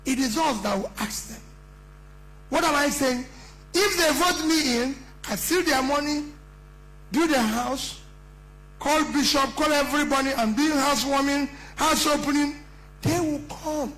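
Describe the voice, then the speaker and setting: High-voiced, emphatic Nigerian man. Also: a little slow, a bit bright, rough recording. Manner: emphatic, rhetorical questions, repetition. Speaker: politician addressing a conference. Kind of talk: impassioned campaign speech.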